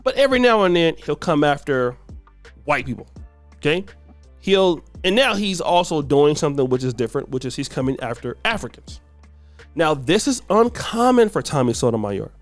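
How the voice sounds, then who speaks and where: A man hosts commentary in a loose, conversational way, with plenty of fillers. His voice sits a little high and sounds dry and close, with soft music under it. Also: sing-song, moderate pace, dry recording. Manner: conversational, uses fillers while explaining. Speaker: commentary channel host. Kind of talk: casual commentary.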